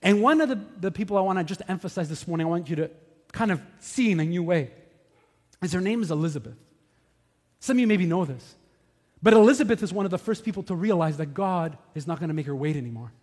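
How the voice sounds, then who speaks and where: A man pastor delivers a sermon in a high voice. He moves from lively, shouted anecdotes to hushed, earnest points. The sound rings with the long reverb of a large hall. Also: fast talker. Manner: animated storytelling, swings from shouting to hushed.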